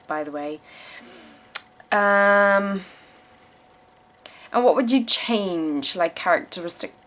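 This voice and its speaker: A woman's voice: medium pitch, a bit bright. A young woman from South Africa, her accent tinged with English, reading viewer questions aloud and answering them in a blunt, casual vlog with plenty of swearing. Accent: South African mixed with English. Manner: emphatic repeated phrases when giving advice.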